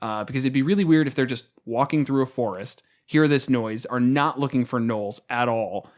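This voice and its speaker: Podcast co-host, man, casual and rambling, mid-pitched voice, talks through rules aloud. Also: moderate pace. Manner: rambling, many fillers and restarts. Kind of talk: casual tabletop game chat.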